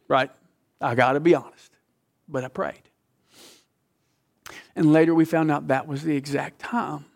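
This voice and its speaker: A middle-aged male pastor preaching a sermon, telling a story with passion and dropping from loud to hushed. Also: on the high side.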